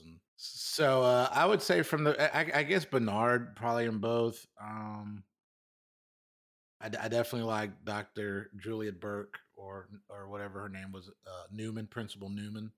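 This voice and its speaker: Young dude cohosting a podcast, kinda low voice, swears a lot, super loose. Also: male voice, steady tone, moderate pace, fairly bright tone. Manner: loose, laughing, swears freely. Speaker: podcast co-host. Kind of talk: casual chat.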